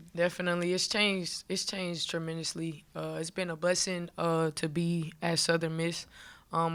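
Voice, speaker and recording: A young woman college basketball player answering at a press conference, halting and emotional, with many fillers. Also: low-pitched, clean tone. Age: young adult.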